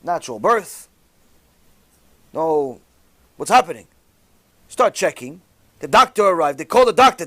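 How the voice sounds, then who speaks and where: A man, a rabbi, telling a religious story in an animated way, with sudden loud bursts. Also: a little high, unhurried, long pauses.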